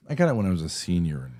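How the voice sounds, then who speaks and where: A man's voice: sits low, sing-song, brisk, creaky, mellow. A man chatting casually as a streamer reviewing his call-in, rambling, joking and provocative. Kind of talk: casual chat.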